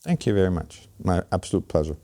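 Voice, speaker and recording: Deep-voiced thoughtful middle-aged man. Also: big pitch swings, fast talker, warm tone. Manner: thoughtful, frequent "you know" fillers and restarts. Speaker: interview guest, healthcare innovation leader. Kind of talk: reflective interview answers.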